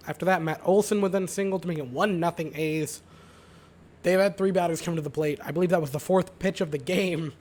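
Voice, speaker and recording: Hoarse, raspy young man, fairly high voice. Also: moderate pace. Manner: aims for calm, mellow delivery. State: hoarse, sore throat. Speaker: fan recapping baseball games. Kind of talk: casual sports recap.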